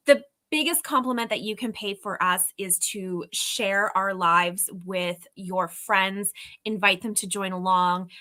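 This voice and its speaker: A woman's voice: medium pitch, unhurried, pushed and bright. A Canadian woman with a Canadian accent co-hosting a casual livestream chat, chatty and laughing often. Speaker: co-host.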